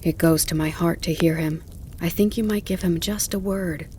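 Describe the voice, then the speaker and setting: A woman reading the part of a soft-hearted male gardener in an audiobook, speaking low and pleading. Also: steady tone, a little fast, close to an everyday voice. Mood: pleading, hushed. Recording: faint crackling campfire behind.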